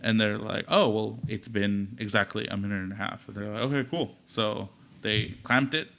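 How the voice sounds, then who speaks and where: A young man co-hosting a podcast, telling a birth story in casual chat and acting out the quotes with big jumps in his voice. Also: normal speed. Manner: animated retelling, acts out quotes with big pitch jumps. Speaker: podcast co-host, new father. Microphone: podcast microphone.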